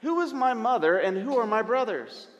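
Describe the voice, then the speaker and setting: A calm, deep-voiced Jesus speaks with a New York accent, played by a man telling the story from the pulpit. The voice rings out in a large reverberant church hall. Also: moderate pace, dull audio. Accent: New York, put on. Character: Jesus, calm adult male teacher.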